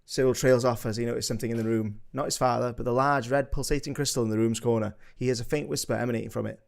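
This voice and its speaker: Gravelly man reading stage directions. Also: medium pitch, steady tone, fast. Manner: matter-of-fact, reads scene headings. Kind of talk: live script read narration.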